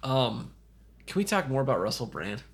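A man's voice: mid-range voice, sing-song, normal speed, creaky, slightly rough. A man co-hosting a casual movie podcast, jokey and rambling, laughing often. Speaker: podcast co-host.

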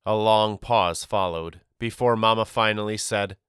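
A male audiobook narrator reads a storybook in a steady, clearly articulated way. His low voice has a bright, crisp edge. The recording is dry and close, with no room echo. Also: measured pace, few pauses.

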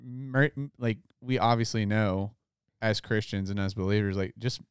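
A man's voice: on the low side, steady tone, moderate pace, clean tone, dry recording, studio quality. A man co-hosting a casual Bible study talk, agreeing often and adding points with many fillers. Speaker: podcast co-host.

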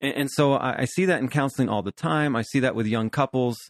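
A man's voice: medium pitch, quick pace, dry recording, studio quality. A man in his fifties, a pastor and therapist hosting a podcast, talking earnestly about counseling couples. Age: 50s. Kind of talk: podcast conversation.

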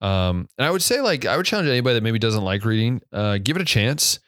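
Speaking fast with big swings in pitch, a young male podcast host rambles casually and reflectively, correcting himself and leaning on fillers. His medium-pitched voice has a fairly bright tone, and he yawns enough to sound a bit drowsy. It's a studio-quality recording without room sound.

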